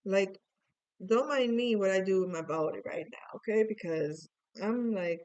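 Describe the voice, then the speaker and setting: A woman's voice: mid-range voice, normal speed, a little mellow, clean tone, no room sound, rough recording. A woman giving a casual tarot reading, playful and musing aloud with chatty asides. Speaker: tarot reader.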